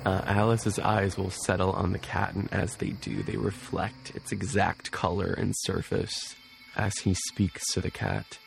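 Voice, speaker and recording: Slow, gravelly man playing a tabletop game. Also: deep voice, soft background music. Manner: slow, halting description. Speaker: player. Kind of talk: describing actions in a tabletop game.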